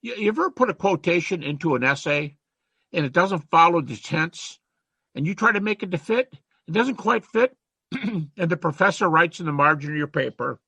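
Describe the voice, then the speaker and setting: A man's voice: on the high side, creaky, bright, forceful tone, husky, no echo. A man giving a conversational classroom lecture to students, reciting rhymes and verses as he goes.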